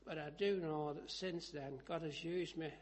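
A man preaching a sermon, telling stories and rising to loud, emphatic scripture reading. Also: on the high side, steady tone, moderate pace.

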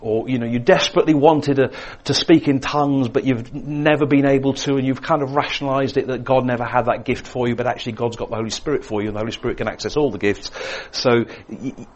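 Expressive male preacher. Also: mid-range voice, quick pace, hardly any pauses, highs cut off. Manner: expressive, swings between emphatic and hushed. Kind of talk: sermon.

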